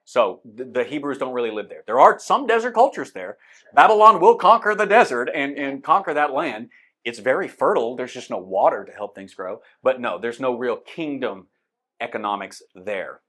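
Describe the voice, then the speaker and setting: A man's voice: mid-range voice, expressive, normal speed, fairly bright tone. Casual male Bible class teacher, conversational and unscripted, pointing things out on a map. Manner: conversational, explains with a map, many fillers. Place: church classroom.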